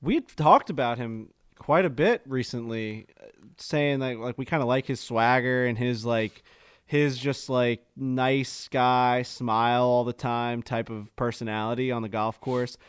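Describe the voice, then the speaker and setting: A man's voice: medium pitch, a little slow, smooth, no echo. A man co-hosting a podcast, telling stories in a rambling, profane, casual way. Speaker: podcast co-host. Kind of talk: casual chat.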